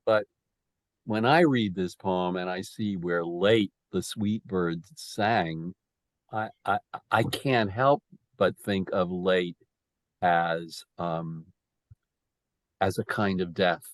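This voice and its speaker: A man's voice: sits low, slow, no room sound. A man leading a poetry discussion group, restarting his sentences often and speaking with emphasis as he taps out the rhythm.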